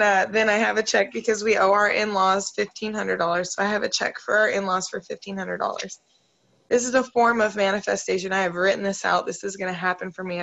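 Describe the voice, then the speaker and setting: A woman with a gravelly, creaky edge to her voice leads a motivational video call. She is upbeat and openly emotional and keeps turning to the group. Her voice comes through a computer call mic. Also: medium pitch, fairly bright tone, highs cut off. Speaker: team leader hosting a video call.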